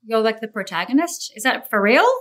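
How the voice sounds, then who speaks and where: Lively playful woman host. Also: a little high, brisk. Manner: teasing, playful questions. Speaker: talk-show host. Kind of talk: casual talk-show interview.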